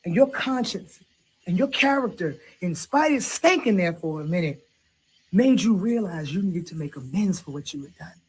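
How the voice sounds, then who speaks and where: A woman's voice: on the low side, animated, moderate pace, a little mellow, slightly rough, poor audio. A woman playing an outspoken middle-aged woman who gives her cousin blunt, preachy advice in a comedy sketch. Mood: heartfelt advice. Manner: sassy, preachy, laughs through advice.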